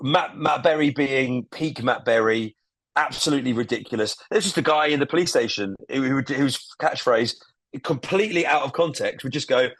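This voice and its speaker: A man's voice: mid-range voice, normal speed, fairly bright tone, dry recording. A man co-hosting a podcast, enthusiastically recounting a comedy show and swearing freely. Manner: enthusiastic, swearing, acting out scenes. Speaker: podcast co-host. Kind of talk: casual podcast chat.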